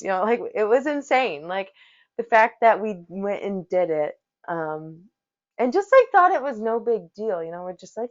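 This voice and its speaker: A woman's voice: medium pitch, sing-song, normal speed. A woman hosting a podcast, telling a rambling, profane story in casual talk. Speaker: podcast host, yoga teacher. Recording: dull lo-fi recording.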